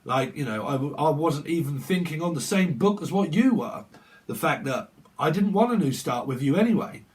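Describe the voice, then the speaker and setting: A young man reads tarot in a loose, rambling way. He swears freely, laughs between lines and slips into exaggerated quoted voices. His voice sits a little high and is picked up from some distance off the mic. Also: expressive, normal speed. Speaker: tarot reader. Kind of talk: casual tarot reading monologue. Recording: voice a bit far from the mic.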